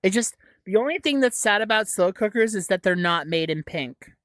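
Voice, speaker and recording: A woman's voice: medium pitch, animated, normal speed, a bit bright, dry recording. A young woman hosting a casual livestream, reading chat aloud with a giggly, stammering, jokey way of talking. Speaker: livestream host.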